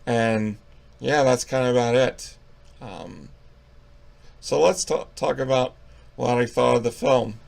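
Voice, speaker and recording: A man's voice: mid-range voice, slow, gravelly, long pauses, a little mellow. A young man giving a casual movie review, profane, rambling and mocking.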